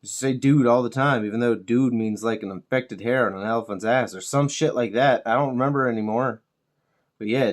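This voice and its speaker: A middle-aged man chatting casually while he paints miniatures, laid-back, swearing freely and joking at his own expense. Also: mid-range voice. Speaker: miniature painting channel host.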